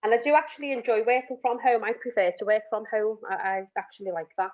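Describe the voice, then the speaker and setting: A middle-aged woman counsellor talks openly and a little emotionally, rambling and restarting her sentences. Her voice sits somewhat high. The sound is muffled, as over a video call. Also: fairly even intonation, fast talker. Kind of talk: casual group discussion on a video call. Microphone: video call, camera off.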